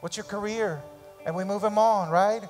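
A man preaching a sermon as pastor in a church, animated and repeating phrases for emphasis, sometimes acting out parents' voices. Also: high voice, in a large hall, faint music behind. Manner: acts out parents' voices in quick asides. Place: church sanctuary.

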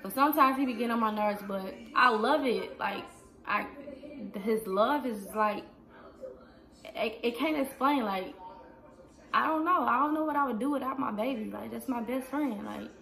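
Seorang wanita berusia dua puluhan menjawab pertanyaan penonton dengan santai di rumah, sering memakai "like" dan "um". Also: female voice, on the high side, moderate pace, creaky, fairly bright tone. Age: 20s. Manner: chatty, fills with "like" and "um". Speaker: vlogger. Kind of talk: casual Q&A vlog. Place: indoors at home.

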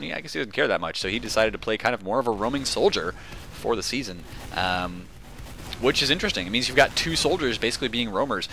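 A young man casting a competitive video game match alone, excitable and jokey, rambling into asides full of fillers. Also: medium pitch, a little hiss or hum. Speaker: esports caster. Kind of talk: solo play-by-play commentary.

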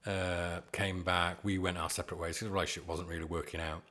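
A man in his forties talks through his past in a loose, meandering way, often chuckling at himself. His voice sits very low. It is a relaxed podcast-guest chat. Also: quick pace. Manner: rambling, chuckling, self-deprecating. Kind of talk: casual storytelling chat.

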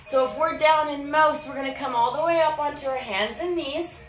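A woman's voice: high voice, fairly even intonation, moderate pace, roomy sound, soft background music, poor audio. A woman teaching preschool yoga, encouraging and sing-song, making animal sounds as she guides the poses. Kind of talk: guiding a preschool yoga class.

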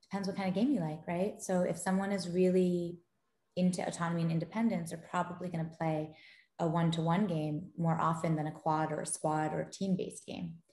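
A woman's voice: lowish voice, fairly quick. A woman who founded a gaming company, a guest chatting casually in an interview and telling stories with animation and frequent laughter. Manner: animated storyteller, laughs often. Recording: roomy echo.

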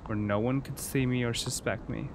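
Male gaming streamer, jokey and excitable, mid pitch, noisy recording. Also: moderate pace. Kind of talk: let's-play commentary.

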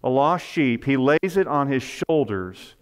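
A man's voice: mid-range voice, lively intonation, a little slow, clean tone. A man preaching a sermon in church, earnest, with rising and falling emphasis and rhetorical questions to the congregation. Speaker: pastor. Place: church sanctuary.

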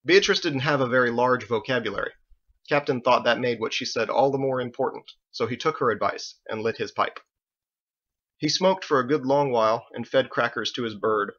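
A man reading his own novel aloud in measured audiobook narration, in a dull lo-fi recording. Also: mid-range voice, fairly bright tone. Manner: measured storytelling.

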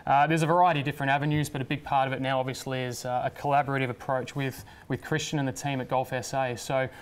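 A man's voice: mid-range voice, fast, clear, resonant tone. An Australian man from South Australia, a golf association officer, explaining his role in a studio interview. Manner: steady, explanatory with fillers.

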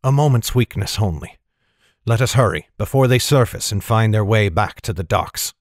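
A growling, contemptuous wizard, as the reader puts him on, low and quiet in an audiobook. The dry, close recording keeps every grumble near the ear. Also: male voice, animated, normal speed, no room sound. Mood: weary. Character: gruff scornful male wizard.

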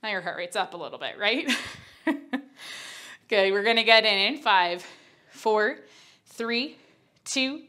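A woman's voice: mid-range voice, animated, slow, long pauses, pushed and bright. Breathless woman coaching a workout. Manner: breathless, chatty, candid. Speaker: Pilates instructor. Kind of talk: workout instruction.

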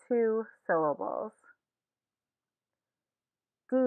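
A woman teaching a language lesson in a slow, deliberate scripted way, saying each word twice. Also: mid-range voice, animated. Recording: tinny phone-like sound.

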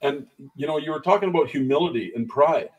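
A man speaking as a guest minister, telling lively testimony stories and acting out the voices of the people in them. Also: fairly high pitch, fast, recorded from a distance, poor audio. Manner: animated storyteller who acts out the voices in his anecdotes. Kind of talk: conversational testimony storytelling.

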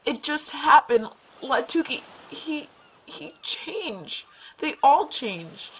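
A man's voice: extremely high pitch, animated, slow pace, fairly bright tone, pitched above the performer's own voice, exaggerated voice, low-quality recording. A man voicing a desperate, terrified young female colonist who pleads and stammers. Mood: terrified pleading.

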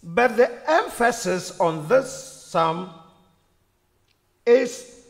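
A male preacher with a high, very animated voice delivers a slow sermon full of repetition and rhetorical questions. The church hall adds long reverb to the recording.

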